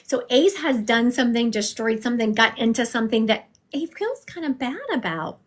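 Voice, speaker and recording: A woman's voice: fairly high pitch, lively intonation, moderate pace. A woman, chatting casually to viewers on a livestream as she gives psychic readings from home. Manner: chatty, warm-hearted, talks straight to viewers.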